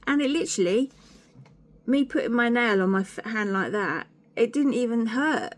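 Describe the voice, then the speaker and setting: A woman's voice: a little high, lively intonation, normal speed. A woman, chatting candidly to camera in a rambling, sweary, self-deprecating way. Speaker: vlogger. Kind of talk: candid casual chat to camera.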